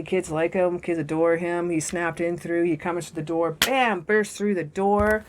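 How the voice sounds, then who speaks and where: A woman giving a storytelling tarot reading in an excitable, dramatic and profane way. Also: low voice, slight background noise. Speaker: tarot reader.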